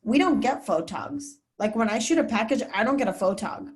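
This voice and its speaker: A woman TV news reporter, appearing as a guest on a video call, gives students candid, chatty advice full of fillers. Her medium-pitched voice is very animated, fairly quick, and a little mellow.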